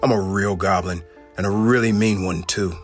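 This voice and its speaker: Lady-free: man reading goblin bully boy, mean, loud, scowly, pretty deep. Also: steady tone, moderate pace, faint music behind, close to an everyday voice. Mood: angry shouting. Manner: loud, shouting.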